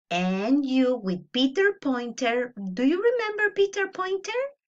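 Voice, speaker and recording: A woman teacher giving a playful online lesson to young children, slow and animated, imitating animal sounds. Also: on the high side, dull audio.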